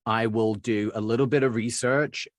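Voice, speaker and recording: A man's voice: mid-range voice, fairly even intonation, moderate pace, no room sound. Middle-aged man, from Birmingham, England, rambling with fillers, dry close sound. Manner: rambling, with many fillers and restarts. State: recovering from covid. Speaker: dialect coach. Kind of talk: conversational interview answers.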